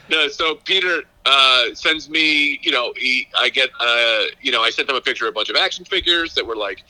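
A man's voice: mid-range voice, sharp tone. A male comedian on a phone line, chatting casually and rambling with enthusiasm. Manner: rambling, self-mocking, enthusiastic. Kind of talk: casual chat.

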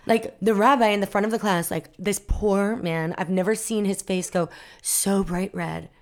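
A woman guest in a casual chat, an animated storyteller who acts out the people in her stories. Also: mid-range voice, moderate pace.

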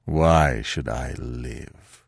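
A man doing a deep, gloomy young apprentice. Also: gravelly, slightly rough, no echo, exaggerated voice. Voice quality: deep and distinct. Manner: gloomy, halting pleading. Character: remorseful young male apprentice, strong and haggard.

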